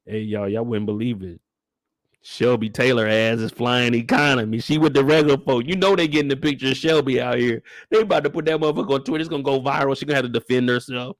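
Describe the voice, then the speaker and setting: A man casually recapping a show on a live stream, talking in an animated way and acting out the characters in exaggerated high voices, with a relaxed way of speaking. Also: fast, no echo, studio quality.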